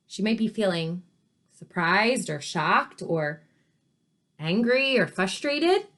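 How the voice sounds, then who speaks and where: A woman teacher reading a storybook to children, pausing to ask questions and explain words. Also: medium pitch, lively intonation, fairly bright tone. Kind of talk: read-aloud story lesson for children.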